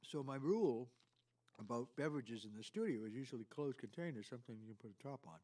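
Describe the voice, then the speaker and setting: Streaming live from his home studio, a middle-aged man reads viewer comments and rambles casually, tossing in self-deprecating jokes. His medium-pitched voice is mellow and expressive, and he talks fast.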